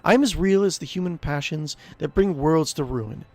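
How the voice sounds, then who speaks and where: A man's voice: a little high, normal speed, no echo, close to an everyday voice. A man voicing a vengeful ghostly noblewoman aunt, reading her lines with cold scorn and mockery. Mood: ominous. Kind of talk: reading game dialogue aloud.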